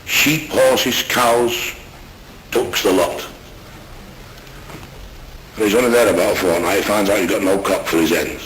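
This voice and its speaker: A man doing stand-up, telling jokes in a deadpan way with constant "he said" tags. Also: lowish voice, unhurried, long pauses, rough recording. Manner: deadpan joke delivery, many he-said tags. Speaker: stand-up comedian. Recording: loud background noise.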